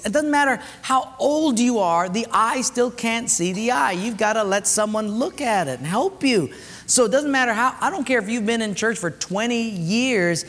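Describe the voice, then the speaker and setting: A man preaching a sermon as pastor, earnest and exhorting, dropping low and soft for emphasis. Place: church. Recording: reverberant church hall with faint music.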